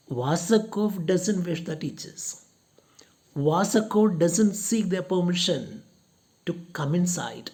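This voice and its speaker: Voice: medium pitch, dark tone. A lecturer explaining a play to students, going over each point again and again with strings of synonyms. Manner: slow, repeats points with lists of synonyms.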